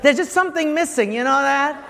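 A man preaching a humorous sermon as pastor, telling a story with lively energy and acting out the voices of the people in it. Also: very high-pitched, fairly quick, gravelly. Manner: animated, acts out quoted callers. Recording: long hall reverb, faint room noise.

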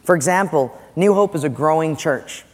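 A man's voice: a little high, normal speed. A man preaching a sermon as pastor, conversational and joking, putting questions to the congregation. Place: large church sanctuary. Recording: long church hall reverb.

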